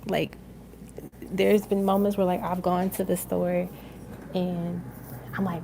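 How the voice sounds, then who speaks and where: Young woman, tarot reader on a live stream; low-ish, gravelly, chatty and casual. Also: flat delivery, unhurried, long pauses, a little mellow, a little hiss or hum, low-quality recording. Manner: casual, chatty, many fillers and laughs.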